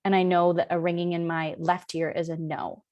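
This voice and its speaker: A woman's voice: fairly low pitch, flat delivery, moderate pace, lo-fi sound. A woman in her thirties giving a live spiritual session, telling personal stories casually with frequent ums. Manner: casual, warm-hearted storytelling with frequent ums. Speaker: spiritual teacher. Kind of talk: live online session talk.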